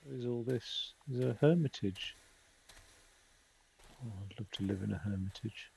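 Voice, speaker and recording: A man's voice: fairly low pitch, normal speed, creaky, a little mellow, breathy edge, poor audio. A man streaming a game, musing wryly to himself in casual commentary. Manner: wry, musing, talks to himself while exploring. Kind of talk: casual let's-play commentary.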